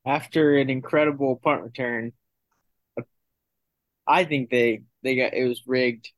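A man's voice: mid-range voice, steady tone, unhurried, no room sound. A man co-hosting a casual sports podcast, explaining calls loosely with many fillers. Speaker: podcast co-host.

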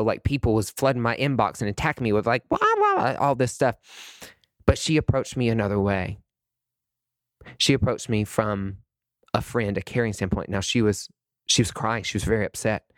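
A man's voice: on the low side, no echo, clean studio sound. Impassioned man hosting a podcast. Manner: impassioned, rambling, many restarts and "like"s. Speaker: podcast host. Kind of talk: casual podcast monologue.

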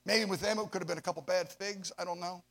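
A man preaching a sermon to young adults, swinging from hushed asides to loud, drawn-out emphasis. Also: high voice, steady tone, gravelly. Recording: long hall reverb.

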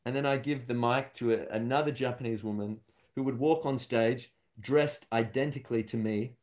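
A man's voice: medium pitch, moderate pace, a little mellow. A young man, a stand-up comedian chatting casually and acting out the voices of people in his stories. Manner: rambling storyteller, acts out quotes. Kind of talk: casual podcast chat.

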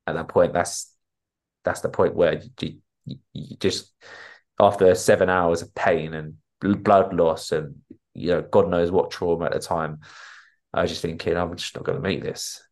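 A deep-voiced man from North London, a coach appearing as a podcast guest, tells his story in a casual interview. His tone is steady, his pace moderate, and his voice a little mellow. He's candid and vivid in the retelling, acting out quoted dialogue.

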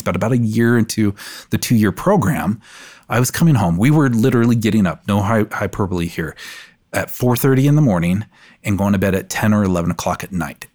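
Middle aged guy on a podcast, lowish voice, earnest, kinda reflective and slow-measured. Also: darkish tone. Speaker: guest. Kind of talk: podcast conversation.

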